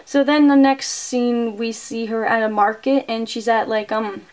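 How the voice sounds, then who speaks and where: A woman's voice: on the high side, fairly even intonation, a little slow, darkish tone. A woman reviewing a movie, casually recapping the plot with lots of "like" and "um". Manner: chatty, full of "like" and "um".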